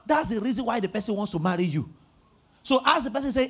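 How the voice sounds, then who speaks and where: A male pastor preaching with an unusually high, gravelly voice that has a husky edge. His pitch swings widely as he tells stories and acts out conversations. At his most emphatic he breaks into shouts. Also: quick pace. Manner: animated storytelling, acting out phone conversations. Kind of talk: sermon.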